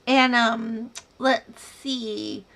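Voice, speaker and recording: A woman's voice: on the high side, fairly even intonation, very slow, gravelly, fairly bright tone. A woman hosting a casual yarn livestream, chatting with viewers, reading their comments aloud and calling them dear and sweetheart. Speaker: yarn crafting livestream host.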